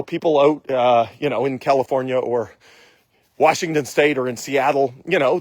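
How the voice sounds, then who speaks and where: A man's voice: on the high side, dry recording. A man speaking in a casual monologue, emphatic and repetitive, acting out imagined questions and answers to make his point. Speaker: state legislator and investor.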